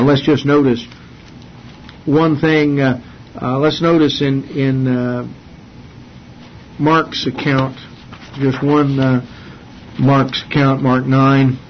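A man teaching a sermon from the Bible, earnest and halting, with many fillers and restarts. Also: medium pitch. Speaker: preacher. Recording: dull lo-fi sermon recording with faint hiss.

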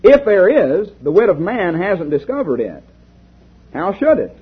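Man reading as a wise old doctor from way back, patient and calm, high husky voice, tinny lo-fi sound. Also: exaggerated voice. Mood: earnest. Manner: measured, reading aloud. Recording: lo-fi tinny recording.

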